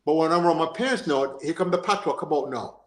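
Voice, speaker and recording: Speaking fast with a fairly high pitch, this Jamaican-accented man hosts a laid-back football podcast in a reverberant space. He's animated and repetitive, regularly checking in with "you understand?"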